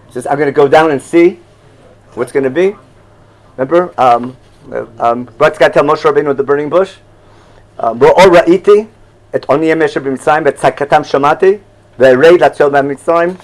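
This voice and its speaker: A man's voice: on the high side, moderate pace, low-quality recording. An older man teaching a Torah class in a loose, conversational way, often asking "you follow?" and chuckling at his own asides.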